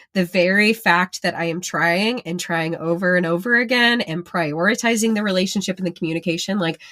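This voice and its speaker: A woman's voice: lowish voice, fairly bright tone. A woman hosting a podcast, reflecting on her guests' points and asking follow-up questions. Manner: reflective, affirming, frequent "like". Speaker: podcast host. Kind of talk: casual interview chat.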